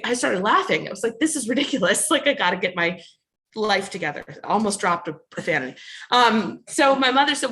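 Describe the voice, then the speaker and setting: A woman's voice: mid-range voice, sharp tone. A woman in her thirties from New Jersey with a Jersey accent, an author telling an audience about her life in a joking, self-deprecating way. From New Jersey, USA. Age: 30s. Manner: jokey, self-deprecating, laughs often. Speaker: author speaking at a bookstore event. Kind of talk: casual, self-mocking talk to an audience.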